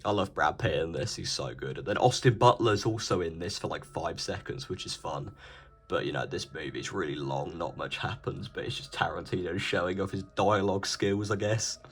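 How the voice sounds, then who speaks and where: A young British man chatting casually as a video host, jokey and rambling, dropping into mumbles and then bursting out louder. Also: low-pitched, moderate pace, slightly rough. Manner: jokey, rambling, swings between flat mumbles and loud bursts. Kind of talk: casual chat.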